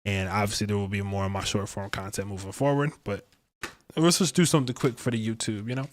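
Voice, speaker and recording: A man's voice: lowish voice, steady tone, fast talker, slight background noise. A man giving a casual livestream astrology and tarot reading, rambling and chatty with lots of slang.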